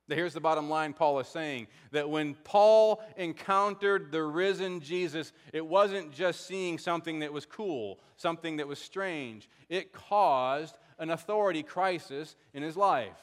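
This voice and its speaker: A man preaching a sermon, his voice sitting somewhat high for a man. He reads scripture and stops to ask pointed questions. A long reverb hangs behind him from the large hall. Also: moderate pace, hardly any pauses. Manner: questioning, explains scripture aloud. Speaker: pastor.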